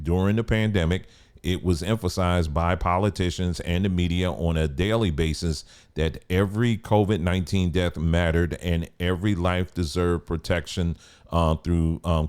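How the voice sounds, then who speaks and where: Deep-voiced man in halting commentary. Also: a little mellow, smooth. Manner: halting, cautious, with many fillers and restarts. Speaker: channel host. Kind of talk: casual commentary to camera.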